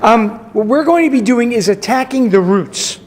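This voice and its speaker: A man leading an adult prayer study session in a synagogue classroom, talking in a relaxed, chatty way with fillers. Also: very high-pitched, normal speed.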